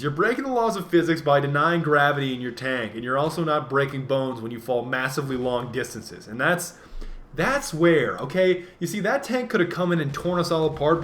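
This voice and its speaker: A man with a fairly high voice talks over his game footage, rambling from point to point. He keeps dropping jokes and playful self-mocking asides as he goes. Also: fairly bright tone. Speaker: gaming commentator. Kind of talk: casual gameplay commentary.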